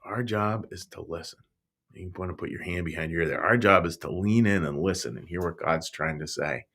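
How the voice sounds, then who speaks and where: A man, a pastor, telling a Bible story to young children in a playful, animated way, speaking right to the kids. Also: low-pitched, fairly quick.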